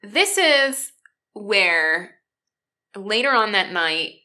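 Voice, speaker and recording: A woman's voice: medium pitch, very animated, drawn-out words, pushed and bright. A woman vlogger telling a personal story in a casual, emotional way, with many restarts and asides to her viewers. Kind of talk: casual storytelling while coloring.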